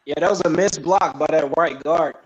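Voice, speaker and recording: A man co-hosting a watch party, calmly breaking down football plays in casual chat. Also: on the high side, normal speed. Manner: laid-back, explains plays. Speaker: co-host. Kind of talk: casual game analysis. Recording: dull lo-fi audio.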